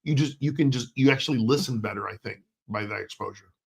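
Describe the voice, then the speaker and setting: A man's voice: mid-range voice, quick pace, creaky, husky. A man co-hosting a casual livestream, joking and folksy as he talks with the viewers. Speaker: livestream co-host.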